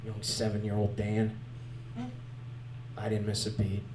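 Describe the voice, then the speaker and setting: A man doing stand-up comedy on a club stage, animated and crude, chatting with the crowd. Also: fairly low pitch, measured pace, noisy background.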